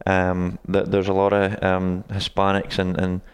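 A man's voice: sits low, monotone, a little slow, clean tone, in a large hall. A Scottish man in his twenties answers interview questions in a casual, hesitant way, with many ums and restarts. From Scotland. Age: 20s. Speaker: guest, college soccer coach.

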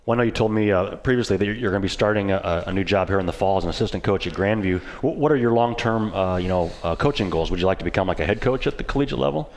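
A man interviewing a guest, asking quick, casual questions with small stumbles. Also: sits low, long reverb tail.

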